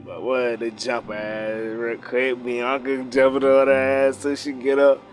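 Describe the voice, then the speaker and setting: A man's voice: medium pitch, level tone, measured pace, faint music behind. A young man recapping a wrestling show in loose, slangy, profanity-heavy casual talk. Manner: slangy, loose storytelling, frequent cursing.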